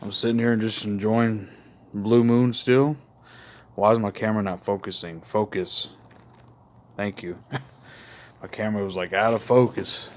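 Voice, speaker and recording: A man's voice: lowish voice, slight background noise. A man from Mississippi with a Southern drawl talks to his viewers in a rambling, easygoing way, calling them y'all. He is a little tipsy after a couple of beers. He records on his phone outdoors at night in his country backyard. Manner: laid-back, rambling, addresses viewers as y'all. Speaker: vlogger. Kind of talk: casual outdoor chat to camera. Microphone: phone camera.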